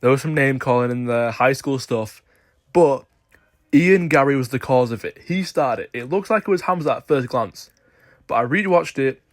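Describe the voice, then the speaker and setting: A man's voice: mid-range voice, normal speed, no room sound, clean studio sound. A man giving opinionated sports commentary, emphatic and insistent as he argues his case.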